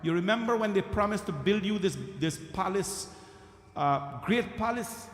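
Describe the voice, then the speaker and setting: Stern scolding god voiced by a male storyteller, high voice, long hall echo. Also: lively intonation, moderate pace. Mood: urging. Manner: scolding, insistent questioning. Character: Lord Krishna, divine, commanding, scolding male god. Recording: reverberant temple hall.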